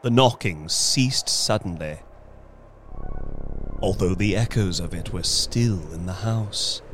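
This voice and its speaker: A man narrating a story in a slow, suspenseful dramatic reading, with music behind him. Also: low-pitched, a bit bright. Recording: reading over background music.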